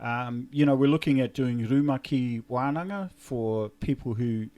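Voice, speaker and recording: NZ podcast host, easygoing, drops in Māori words, mid-range voice. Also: male voice, mid-range voice, normal speed. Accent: New Zealand. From New Zealand. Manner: relaxed, mixing in Māori phrases. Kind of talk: casual chat interview.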